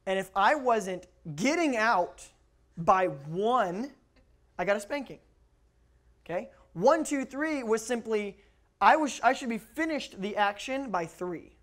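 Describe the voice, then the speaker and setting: A man speaking as youth pastor, telling lively stories and repeating his key words for emphasis. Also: high-pitched, moderate pace. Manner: animated storyteller who acts out quotes, repeats key words. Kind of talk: youth ministry talk.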